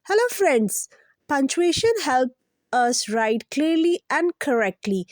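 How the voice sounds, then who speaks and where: A woman hosting a children's lesson, explaining each point slowly and simply, repeating it and asking the kids to guess. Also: sits high, very animated, dry recording, clean studio sound. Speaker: children's teacher, channel host.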